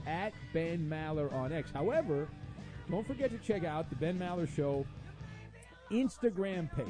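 A man hosting a sports radio show, reading out listener messages with sarcastic, rambling jokes. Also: a little high. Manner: sarcastic, jokey, rambling asides.

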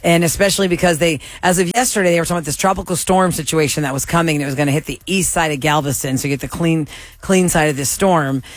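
A man's voice: fairly high pitch, fast, no room sound. A man hosting a morning radio show, chatting and reading out promos in an upbeat way. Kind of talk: morning radio talk and announcements. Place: radio studio.

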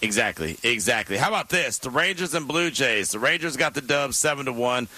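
A man co-hosting a sports radio show, reading out scores and trading jokes in an animated, playful way. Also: medium pitch, a little fast, poor audio. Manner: animated, jokey, playful emphasis.

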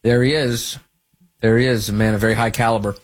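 A man hosting a political talk radio show, mocking and animated, sometimes squealing up high to mimic people. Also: fairly quick, very noisy. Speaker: radio host.

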